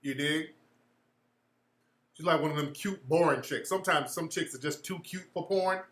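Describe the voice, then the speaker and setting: A man's voice: fairly high pitch, normal speed, a bit bright, reverberant. A man hosting a casual livestream chat, answering viewers in a blunt, slangy, profane way.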